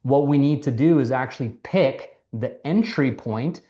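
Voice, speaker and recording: A man casually coaching people on sales, lively, acting out quoted conversations, and swearing now and then. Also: medium pitch, a little slow, dull audio. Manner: animated, acts out quoted dialogue, swears casually. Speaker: mentor teaching sales.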